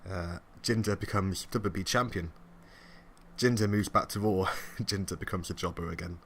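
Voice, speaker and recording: A young man chatting casually as co-host of a wrestling review podcast, laughing often and mimicking people in quick asides. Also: sits low, steady tone, fairly bright tone, breathy edge.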